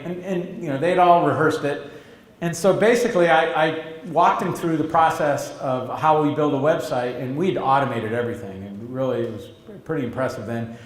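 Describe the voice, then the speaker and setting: A man's voice: fairly high pitch, moderate pace. Middle-aged man, interview guest, chatty storyteller with restarts; echoey room. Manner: rambling with restarts, acts out quoted voices. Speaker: interviewee, entrepreneur. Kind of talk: conversational storytelling. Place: stage or meeting room, event interview.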